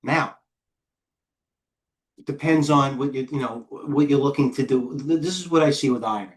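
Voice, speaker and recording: A man's voice: mid-range voice, moderate pace. A middle-aged man, a head trader, giving blunt, rambling live commentary on stocks, often breaking off mid-sentence. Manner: blunt, rambling, self-interrupting market talk. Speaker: head trader and market coach. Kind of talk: live trading stream commentary.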